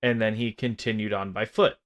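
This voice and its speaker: A man's voice: fairly low pitch, fairly even intonation, fairly quick. A man co-hosting a casual film review chat, rambling and swearing freely as he airs his gripes. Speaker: film podcast co-host.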